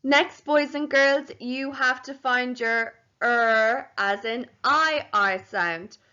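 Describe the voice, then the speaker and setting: Woman, primary teacher, very slow, smooth clear voice, home phonics lesson. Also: sits high, pushed and bright, muffled recording. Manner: slow, clearly sounding out letters and syllables.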